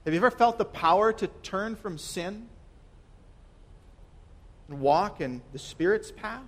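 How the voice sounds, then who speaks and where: A young man preaching a sermon earnestly. He asks rhetorical questions and repeats words, swinging between loud emphasis and soft, quiet lines. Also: high voice. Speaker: pastor.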